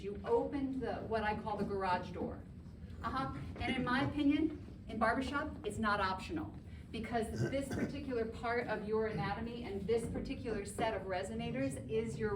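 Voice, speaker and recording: A woman vocal coach runs a chorus rehearsal with brisk, cheerful, chatty directions. Her voice sits a little high and comes from a distant camera across the room. A steady hiss of room noise stays underneath. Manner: lively, upbeat, chatty instructions. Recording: distant mic with background noise.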